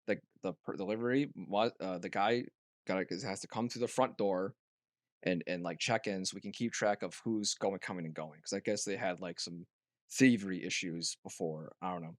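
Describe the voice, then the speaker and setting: A young man co-hosting a casual podcast, telling a rambling story full of restarts and loud mimicked voices. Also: sits low, normal speed, no room sound, studio quality. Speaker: podcast co-host. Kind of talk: casual chat.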